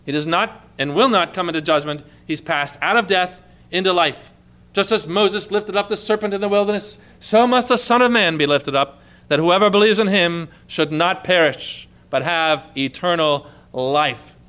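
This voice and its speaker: A man's voice: high-pitched, normal speed, fairly bright tone, smooth. A male pastor preaching a sermon, quoting scripture with mounting, emphatic fervor.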